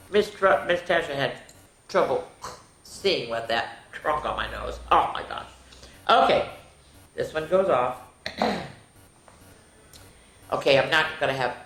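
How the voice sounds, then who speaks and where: A middle-aged woman reading a picture book aloud to children in an expressive, sing-song way with chatty asides, in an echoey room. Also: low-pitched. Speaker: children's storyteller.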